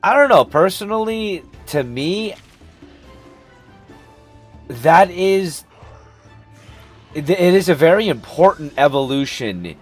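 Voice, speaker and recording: A man streaming a game, chatting casually and ranting with opinionated, profane takes. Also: mid-range voice. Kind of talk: casual live-stream chat.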